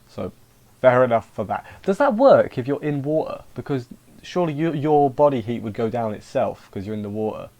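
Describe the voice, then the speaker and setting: A man's voice: medium pitch, expressive, a little fast, a little mellow. A man casually recapping an anime episode, rambling and interrupting himself with wry asides. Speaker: anime reviewer.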